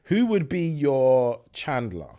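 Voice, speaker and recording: A man's voice: mid-range voice, big pitch swings, slow pace, dark tone. A man hosting an interview, encouraging and affirming. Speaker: podcast host. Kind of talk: conversational interview.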